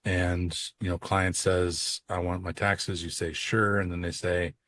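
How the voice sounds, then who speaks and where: A man's voice: sits low, unhurried, dry recording, studio quality. A man co-hosting an accounting podcast, talking casually and acting out client phone calls as he tells stories. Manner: animated storyteller who acts out dialogue. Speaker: podcast co-host and accounting coach. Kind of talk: casual conversational podcast talk.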